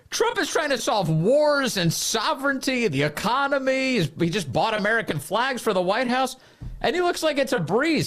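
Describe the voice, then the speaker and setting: A man hosting a political commentary podcast, sarcastic and mocking as he picks apart the clips he plays. His voice sits a bit higher than most men's. It has a quick, conversational edge. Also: fairly bright tone. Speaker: podcast and radio host.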